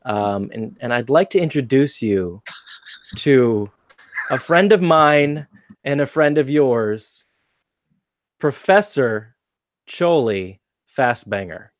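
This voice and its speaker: A man hosting a comedy podcast, introducing a segment in a halting, mock-formal way. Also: mid-range voice, expressive, dry recording, studio quality. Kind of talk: casual show introduction.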